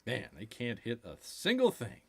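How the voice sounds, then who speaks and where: A man's voice: medium pitch, huge pitch swings, normal speed, creaky, a bit bright. A man hosting a casual movie watch-along, making wry, jokey remarks about the film. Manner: jokey, wry, often slips into silly voices. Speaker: streamer, host.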